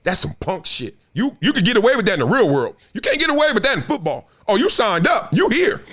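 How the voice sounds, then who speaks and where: A man hosting a casual commentary show, profane and animated, who keeps acting out little scenes. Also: high voice, fast. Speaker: host.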